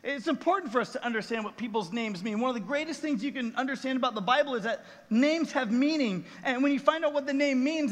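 A man's voice: very high voice, big-room sound. A man preaching a sermon as pastor on a church stage, telling a story earnestly and with emotion.

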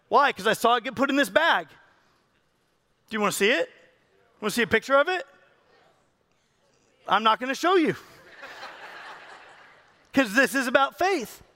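A man's voice: very high-pitched, sharp tone. A man preaching a sermon as pastor, talking in a conversational, joking way with his congregation and coaxing people up on stage. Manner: calls people up and coaxes them on stage.

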